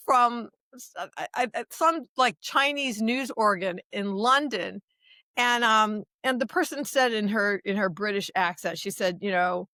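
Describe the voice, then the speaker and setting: Guest: American woman lawyer, average pitch, storytelling style, dry sound. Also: unhurried, no room sound. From United States. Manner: animated storyteller, acts out dialogue, many restarts. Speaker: guest, human rights advocate and lawyer. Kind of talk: interview answers, storytelling.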